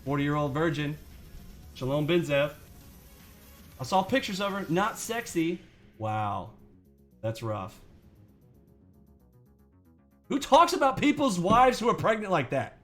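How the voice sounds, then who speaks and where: Indignant, profane man ranting, voice set high. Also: big pitch swings, takes it slowly, pauses often, fairly bright tone, faint music behind. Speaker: trading channel host. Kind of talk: angry rant to viewers.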